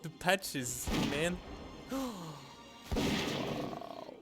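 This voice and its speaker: A man commenting on his gameplay, reading patch notes aloud in non-native English phrasing and breaking into excited exclamations. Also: medium pitch, moderate pace. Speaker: channel host. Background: background music.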